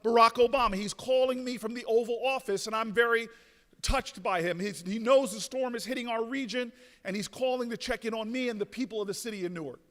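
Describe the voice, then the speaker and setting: A man with a strikingly high, sharp and forceful voice gives a rousing speech in a large ballroom. He trips into repeated starts, then climbs to shouted peaks. His words ring out with a long hall echo from the podium mic. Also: a little fast. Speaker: speaker at a convention. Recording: reverberant ballroom.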